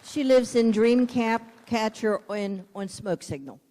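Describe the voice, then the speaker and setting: A woman at a community meeting's welcome table, talking in a friendly, unhurried way. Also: a little high, dark tone. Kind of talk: casual announcements. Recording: echoey community hall.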